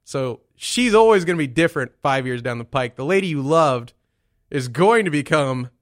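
A man's voice: a little high, expressive, normal speed, no echo, studio quality. A man hosting a crude, casual chat, blunt and teasing, swearing freely.

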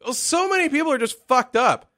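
Sarcastic swearing guy on a podcast, bright voice, dry close mic, a bit high for a man. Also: expressive, a little fast, dry recording. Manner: profane, sarcastic, acts out other people's voices. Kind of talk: casual crude comedic storytelling.

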